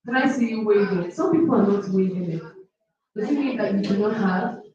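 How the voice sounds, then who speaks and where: A woman's voice: mid-range voice, fairly quick, warm tone, heavy reverb, far from the mic, lo-fi sound. Encouraging woman addressing students. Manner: encouraging, repeats herself, addresses students directly. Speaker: workshop organizer.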